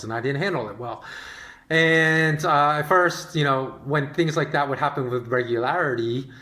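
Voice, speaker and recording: Man telling stories in an echoey room. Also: mid-range voice. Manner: animated, rambling, with frequent fillers. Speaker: podcast host. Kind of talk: casual storytelling monologue.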